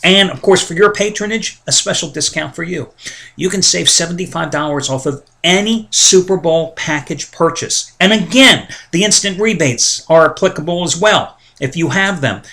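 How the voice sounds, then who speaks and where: A man talks in a loose, opinionated daily monologue, full of asides and complaints. His voice is bright and forceful, sitting a little high for a man. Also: expressive, normal speed, creaky. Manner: chatty, opinionated ranting with asides. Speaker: sports betting site host. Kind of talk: casual monologue.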